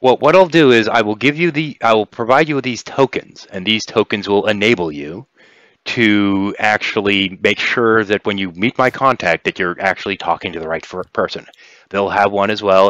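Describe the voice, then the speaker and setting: Man doing an earnest, compassionate woman leader in a tabletop game, voice low and deep, talking in a measured, persuasive way. The sound is dull, dry and lo-fi. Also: fairly bright tone, no room sound, close to an everyday voice. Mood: cheerful. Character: compassionate grave woman leader, Lady Kiva.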